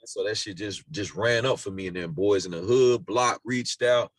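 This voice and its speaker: A man in his twenties or thirties, a music producer, telling stories in a relaxed interview, full of slang and repeated phrases. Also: fairly low pitch, normal speed, no echo. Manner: laid-back storytelling with slang and repeated phrases. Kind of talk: casual storytelling interview.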